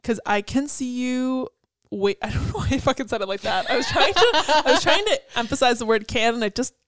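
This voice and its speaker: A young woman co-hosts a casual chat, picking apart song lyrics with plenty of "like" and the odd swear. Her voice is fairly high, sing-song and a bit bright, she talks fast, and the recording is dry.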